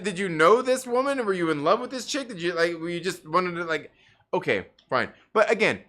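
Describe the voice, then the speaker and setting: A man's voice: high voice, sharp tone. A man ranting in casual livestream commentary, profane and rambling, full of fillers and restarts. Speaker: livestream co-host; parent.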